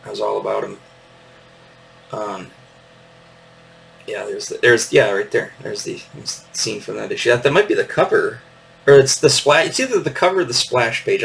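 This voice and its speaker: A man's voice: on the low side, vocal fry, a bit bright, far from the mic, a little hiss or hum, rough recording. A man in his fifties hosting a casual show-and-tell, meandering with lots of fillers and little chuckles. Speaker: podcast host.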